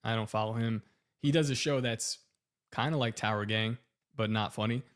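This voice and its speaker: A man co-hosting a podcast in casual chat, his talk building into a loud heated rant. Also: lowish voice, steady tone, normal speed. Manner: heated, rising into loud ranting. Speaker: podcast co-host.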